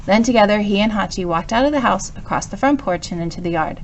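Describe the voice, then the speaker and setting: A woman's voice: medium pitch, animated, fast talker, muffled recording, slight background noise. Woman reading a storybook aloud. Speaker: storybook reader. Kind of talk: read-aloud storybook narration.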